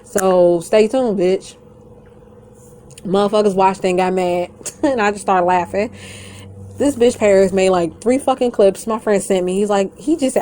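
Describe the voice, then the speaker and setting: A woman's voice: mid-range voice, unhurried, dark tone, slight background noise. Defiant woman ranting to camera, swearing freely. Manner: blunt and defiant, swears constantly, breaks into laughter; rambling and conversational, addresses viewers directly. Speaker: YouTuber. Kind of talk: profane rant to camera.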